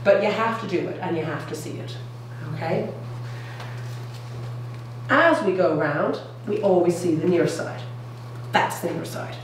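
Woman, middle-aged lecturer, low, keen and chatty, very echoey room. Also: a little slow, long pauses. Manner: enthusiastic, keeps checking in with "okay?" and "all right?". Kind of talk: public science lecture. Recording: echoey room, distant mic, faint noise.

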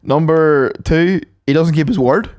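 A man's voice: a little high, unhurried, a little mellow, no echo, clean studio sound. A man co-hosting a podcast, swearing and laughing as he reads a list aloud. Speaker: podcast co-host. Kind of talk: casual chat.

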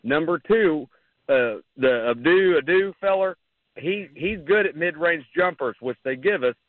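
A man calling into a radio show, out of breath and rambling excitedly about a game. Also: fairly high pitch, unhurried, no room sound. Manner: rambling, excited fan talk. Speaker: caller. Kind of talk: casual call-in chat. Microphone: phone. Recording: tinny phone line.

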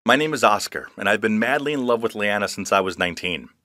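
A man's voice: fairly low pitch, expressive, fast, pushed and bright, no echo, clean studio sound. An actor playing a young man who narrates his own love story. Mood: wistful. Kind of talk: scripted first-person storytelling.

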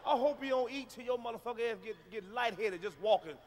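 A man doing a loud, profane, animated stand-up comedy routine on a live stage. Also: very high-pitched, fast talker, a little hiss or hum.

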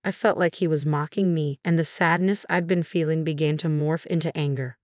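A woman narrating a first-person drama story in an even, steady reading voice. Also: sits low, a little fast, no room sound, clean studio sound.

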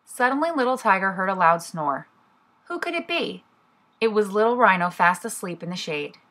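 Preschool teacher reading a picture book aloud. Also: female voice, medium pitch, lively intonation, normal speed, a bit bright.

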